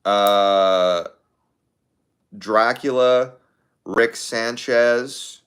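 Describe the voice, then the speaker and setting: A man hosting a casual livestream, reading viewer comments aloud in a fairly low voice. He talks offhandedly, thinking out loud with plenty of fillers and repeated words. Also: very slow, clean tone. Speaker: livestream host.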